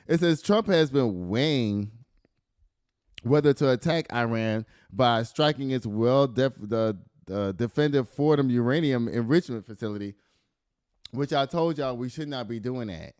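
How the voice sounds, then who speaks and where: A man hosts a loose news commentary show, reading headlines aloud and riffing on them with animated laughter and occasional swearing. His voice is at an ordinary middle pitch, a little slow with long pauses, recorded dry and close with no room sound.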